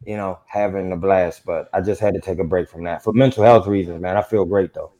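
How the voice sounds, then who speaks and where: A man's voice: low voice, a little fast. Easygoing man co-hosting a podcast. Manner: relaxed, easygoing. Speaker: podcast co-host. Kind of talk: casual fan podcast chat.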